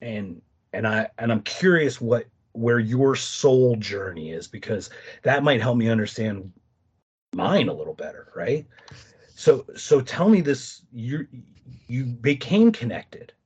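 A man speaking as a podcast guest, telling stories in a lively way with many quick restarts. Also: mid-range voice, husky. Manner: animated storytelling, quick restarts. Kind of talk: casual conversation. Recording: dull lo-fi sound.

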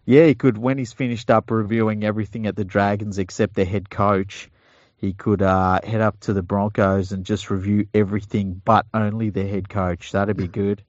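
A man with a lowish voice co-hosts a sports podcast, rambling and joking. The sound is dry and dull, like a home podcast mic. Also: flat delivery, normal speed, darkish tone, no echo. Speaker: podcast co-host. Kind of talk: casual sports chat.

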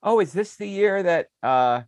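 A man's voice: high voice, measured pace, no echo, clean studio sound. A man co-hosting a podcast, telling stories in casual chat and laughing often. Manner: animated storyteller, laughs often. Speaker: podcast co-host.

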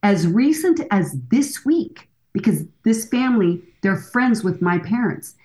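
A woman's voice: mid-range voice, unhurried, poor audio. A woman guest on a podcast interview telling stories with energy and acting out the voices of the people in them. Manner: lively storytelling, acting out quoted voices. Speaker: guest expert on fathers and daughters.

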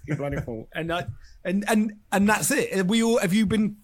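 A man's voice: high-pitched, normal speed, slight background noise. A man co-hosting a casual podcast chat, skeptical and incredulous. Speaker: podcast co-host.

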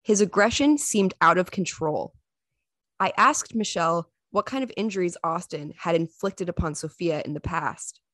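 A woman's voice: lowish voice, expressive, normal speed, a bit bright, no echo. A woman with an American accent, hosting a podcast in composed, scripted narration. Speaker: podcast host.

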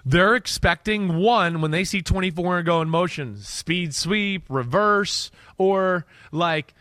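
A middle-aged man from New York breaking down football plays in a casual, animated way, sometimes shouting as he relives the action. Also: high-pitched, takes it slowly, no echo. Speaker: football analyst co-host. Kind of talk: casual sports film breakdown.

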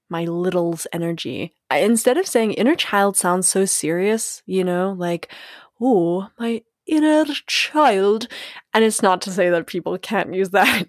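A young woman with a slightly low voice chats through a solo podcast in a loose, playful way. She giggles easily and scatters likes and you knows through her talk. The sound is close and dry. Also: no room sound. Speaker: podcast host. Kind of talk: casual solo podcast monologue.

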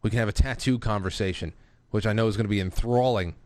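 A man's voice: lowish voice, fast, a little mellow, no echo, clean studio sound. A man hosting a casual live talk show who reads out viewer messages and rambles with restarts and profane asides. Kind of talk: casual live-stream talk, reading super chats.

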